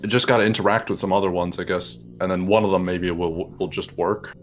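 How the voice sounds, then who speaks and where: A man's voice: low voice, fairly even intonation, brisk, soft background music. A man casually chatting while playing a video game, mumbling and trailing off with fillers. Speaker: let's play host. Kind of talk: casual gaming chat.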